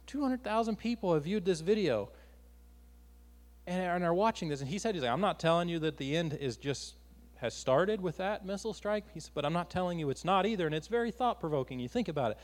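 A man's voice: high voice, expressive, brisk, big-room sound. A man preaching a sermon with passion, his force rising and falling.

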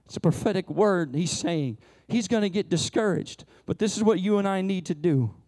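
A man's voice: high voice, expressive, moderate pace, a little mellow. A male pastor preaching a sermon, impassioned, with frequent restarts and repetitions.

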